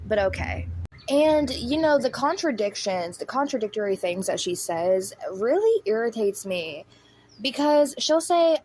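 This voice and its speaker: A woman's voice: a little high, very animated, measured pace, a little mellow, a little hiss or hum. A woman hosting a critical commentary video, blunt, sarcastic and profane. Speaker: commentary host.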